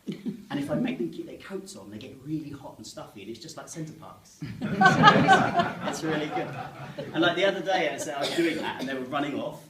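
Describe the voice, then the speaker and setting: A man's voice: a little high, big pitch swings, normal speed, background noise. A man, doing chatty, self-mocking stand-up and joking with the audience. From England, Medway Towns in Kent. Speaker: stand-up comedian. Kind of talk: stand-up comedy to a live audience. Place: live comedy room with an audience. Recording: roomy sound, mic at a distance.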